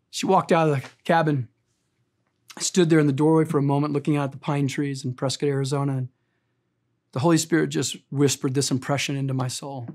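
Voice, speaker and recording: A man in his fifties preaching a sermon as pastor, impassioned and emotional, swinging between loud emphatic lines and quiet confiding ones. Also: a little high, little pitch movement, a little fast. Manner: emotional, speaks of being easily choked up.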